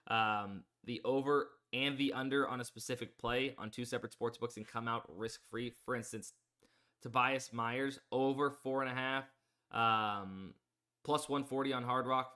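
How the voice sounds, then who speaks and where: A man's voice: medium pitch, fairly even intonation, normal speed, bright, forceful tone, smooth. A man hosting a live sports betting stream, talking casually with lots of fillers while reading odds and plugging promo codes. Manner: rambling, filler-heavy, promo-pushing. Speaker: sports betting livestream host.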